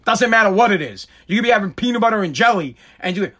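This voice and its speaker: A man's voice: sits high, lively intonation, quick pace, few pauses, sharp tone. A man hosting a podcast, ranting in a rambling, profane, repetitive way from his home basement. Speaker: podcast host. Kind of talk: casual solo rant.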